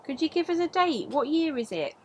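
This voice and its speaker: A woman's voice: sits high, sing-song, fairly quick, a little mellow. A woman, a paranormal investigator, chatting casually and questioning spirits directly. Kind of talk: casual on-location chat.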